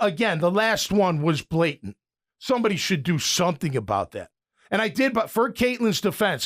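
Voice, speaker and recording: A man's voice: sits high, fairly bright tone. A middle-aged American man hosting sports talk radio, rambling and opinionated with frequent restarts.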